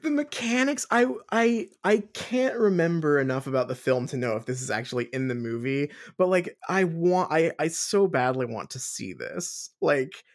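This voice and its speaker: A woman with a very low voice co-hosts a book-discussion podcast. She talks in an animated, exclamatory way, and her pitch swings widely. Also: moderate pace, hardly any pauses. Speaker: podcast co-host. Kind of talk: casual book-discussion chat.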